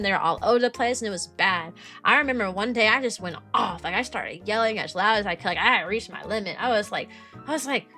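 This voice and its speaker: A young woman streaming as a VTuber, chatting casually and rambling with lots of "like". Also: medium pitch. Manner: rambling, lots of "like", bubbly and animated. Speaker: VTuber streamer and kindergarten teacher. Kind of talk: casual stream chat answering viewers.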